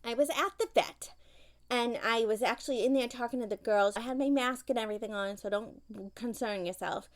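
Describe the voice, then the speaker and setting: A woman voices a gossipy, opinionated mother in a comedy monologue, her voice pitched a touch high. She rambles and complains in an indignant, nagging manner, hopping from one grudge to the next as she talks at her grown child. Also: a little fast, lightly acted. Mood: gossipy complaining. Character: opinionated gossipy middle-aged mother on phone.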